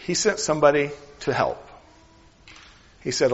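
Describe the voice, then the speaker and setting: A man preaching a sermon in an earnest, questioning way, often dropping his voice softly on key lines. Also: a little high, lively intonation, moderate pace, long pauses, husky, in a large hall, muffled recording.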